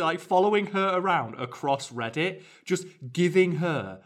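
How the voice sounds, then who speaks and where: A man's voice: sits high, lively intonation, measured pace, few pauses. A man, co-hosting a podcast, telling a story animatedly with quoted voices. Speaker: podcast co-host. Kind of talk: casual chat.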